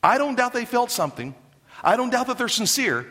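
A man preaching a sermon in an emphatic, animated way, with joking asides to the congregation. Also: very high-pitched, brisk, in a large hall. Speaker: pastor.

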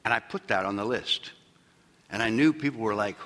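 A man preaching a sermon as pastor, swinging from shouted peaks down to low, quiet asides. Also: fairly quick, in a large hall. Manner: preaching with loud shouted peaks and sudden drops.

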